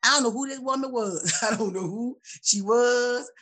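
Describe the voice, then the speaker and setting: A woman in her forties in casual chat, animated and preachy, laughing often, heard over a video call. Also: fairly high pitch, moderate pace. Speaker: guest.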